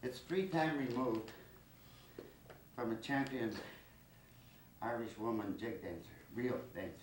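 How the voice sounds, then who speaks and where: A man's voice: medium pitch, animated, unhurried, a little hiss or hum. A man, a guest tap dancer, out of breath after dancing, answering questions briefly. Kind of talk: casual interview. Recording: roomy, distant, with music.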